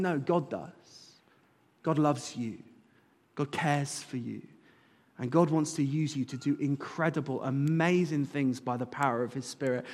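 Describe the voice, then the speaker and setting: In a reverberant church sanctuary, a pastor with a mid-range voice delivers a sermon at normal speed. His earnest tone builds into fervent appeals.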